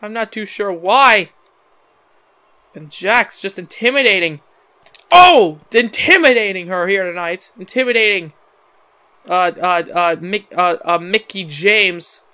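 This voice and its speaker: A young man giving excitable play-by-play wrestling commentary, his voice cracking, with frequent exclamations and chuckles. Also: sits high, unhurried. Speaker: amateur commentator.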